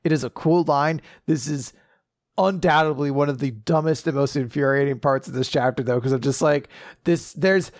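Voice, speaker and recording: A man's voice: on the high side, normal speed, dry recording. Wry man on a podcast, dry sound. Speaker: podcast co-host. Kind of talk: casual chat.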